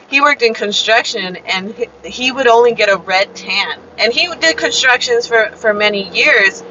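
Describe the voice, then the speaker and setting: A woman's voice: on the high side, pushed and bright. A young Chicana woman, chatting casually on a live stream, telling a story with lots of fillers and quoted dialogue. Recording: slightly dull lo-fi sound with faint background noise.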